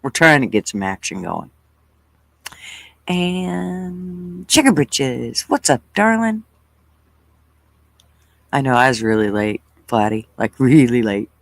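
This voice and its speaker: Easygoing stream host, slow and relaxed, friendly greetings, mid pitch, dead-dry room. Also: creaky, dry recording, rough recording. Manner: relaxed, chatty, greets viewers by name. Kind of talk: casual livestream chat greeting viewers.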